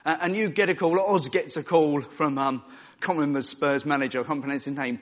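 A man's voice: on the high side, expressive, a little fast, a bit bright. A man preaching a sermon as a church pastor, earnest with dry self-deprecating humour and frequent stumbling repeats.

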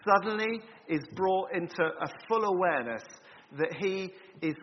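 A man preaching a sermon, explaining a passage in a measured way with frequent ums and repeated words. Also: sits high, slight background noise. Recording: dull lo-fi recording in a reverberant hall.

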